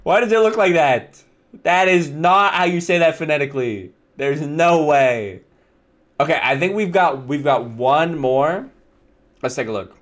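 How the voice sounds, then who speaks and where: A man's voice: on the high side, a bit bright. A young man streaming live, reading viewer slides aloud and reacting with wry, bemused asides and chuckles. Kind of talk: casual live-stream commentary.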